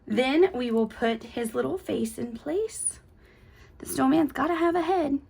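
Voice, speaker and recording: Young woman host, slightly high, upbeat and chatty tutorial delivery. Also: a little slow, creaky, darkish tone, breathy edge. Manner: upbeat, chatty, cutesy asides. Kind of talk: casual step-by-step tutorial.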